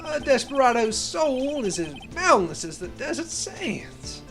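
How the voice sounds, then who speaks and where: A swaggering cowboy detective drawls his folksy lines in a put-on, deliberately bad Texan accent, as a woman acts him out. The voice swoops widely and crackles with gravel, and music plays underneath. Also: high-pitched, very animated, a bit bright, pitched above the performer's own voice, exaggerated voice. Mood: drawling. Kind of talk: fan voice-acting of a game.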